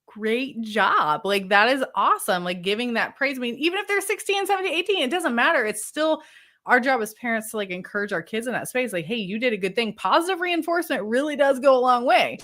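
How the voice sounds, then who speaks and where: A woman's voice: a little high, lively intonation, a little fast, fairly bright tone. A woman guest coach giving parenting advice in a casual, upbeat way, with lots of "like". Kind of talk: conversational interview.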